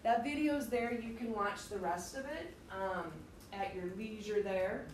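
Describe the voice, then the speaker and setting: A woman's voice: mid-range voice, measured pace, a little hiss or hum. A woman teacher giving a direct, emphatic classroom lecture, explaining things to her students step by step. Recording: echoey room, faint ambience.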